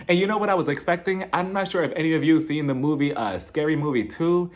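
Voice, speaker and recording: Sarcastic gossipy man, slightly high voice. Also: fast, few pauses. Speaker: reality TV reviewer. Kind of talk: casual recap commentary.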